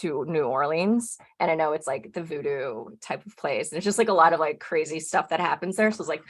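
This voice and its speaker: A woman's voice: sits low, fairly quick. A woman casually recounting a personal ghost story on a podcast, talking loosely and filling her sentences with "like". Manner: chatty, peppers speech with "like". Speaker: podcast guest.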